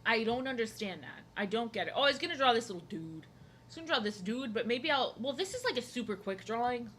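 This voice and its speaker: Bright-voiced young woman rambling jokily. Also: a little high, expressive, fast, slight background noise. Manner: rambling, jokey, self-interrupting. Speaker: art streamer. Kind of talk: casual chat while drawing. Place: home, seated at desk.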